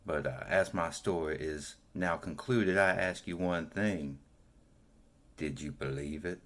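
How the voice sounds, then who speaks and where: A man voicing a vengeful woman who hunts for her lost mother, telling her tale in slow, brooding first person during a tabletop game. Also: low voice, a bit bright. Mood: grim. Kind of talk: in-character monologue in a tabletop game.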